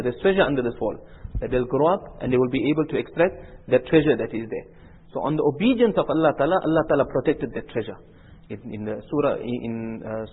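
Man, Islamic preacher, rapid delivery, husky voice, earnest storytelling sermon, narrow phone-like sound. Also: medium pitch, big-room sound. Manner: earnest, repetitive phrasing, animated quoted dialogue. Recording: tinny lo-fi phone-like recording.

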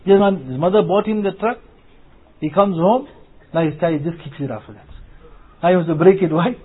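A man's voice: high voice, fairly quick, pauses often, slightly rough. A man giving an Islamic talk to young people, repeating phrases and asking rhetorical questions as he tells everyday stories. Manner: repetitive, rhetorical questions, anecdotal. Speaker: Muslim preacher. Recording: phone-like lo-fi.

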